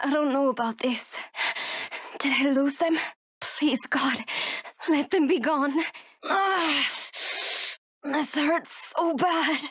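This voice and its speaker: An actress voicing a frightened young woman from Texas in a video game, wounded and hiding, whispering to herself to keep calm. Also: sits high, slightly rough, no echo, studio quality, full character voice. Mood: fearful. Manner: whispers and talks herself through danger. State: wounded and in pain. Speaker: game character.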